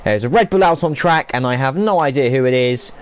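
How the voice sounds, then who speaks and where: A man's voice: medium pitch, a little fast, a little hiss or hum. A man giving casual, jokey live commentary on an online sim race, full of banter.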